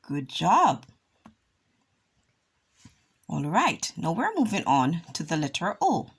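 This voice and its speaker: A woman teaching a children's phonics lesson, drawing out vowel sounds slowly and deliberately. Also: fairly low pitch, wildly swooping pitch, breathy edge. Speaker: reading teacher.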